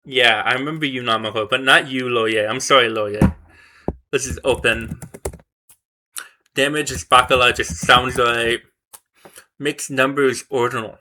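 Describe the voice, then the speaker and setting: A medium-pitched man with a bright, forceful tone speaks steadily and a little slowly, pausing often, against slight background noise. A vlogger learning a language, he thinks aloud over flashcards, muttering, correcting himself and repeating words again and again to memorize them.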